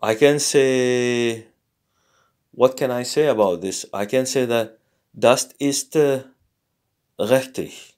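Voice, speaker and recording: A man teaching a casual lesson, thinking aloud in a halting way and sounding out foreign words slowly. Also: mid-range voice, darkish tone. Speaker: language learner teaching a lesson. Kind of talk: casual screen-recorded lesson.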